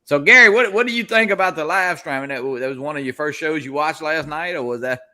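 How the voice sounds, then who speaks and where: A middle-aged man with a Louisiana accent, hosting a casual chat and talking in halting, rambling runs. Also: on the high side, sharp tone. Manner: rambling, halting with many restarts. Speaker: host.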